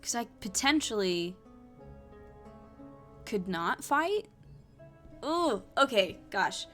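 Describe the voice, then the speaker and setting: A woman's voice: on the high side, big pitch swings, slow, bright, forceful tone, soft background music. Hesitant woman reading an adventure. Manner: hesitant, thinks aloud with fillers and sighs. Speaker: solo tabletop game player. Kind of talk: reading a solo adventure aloud with asides.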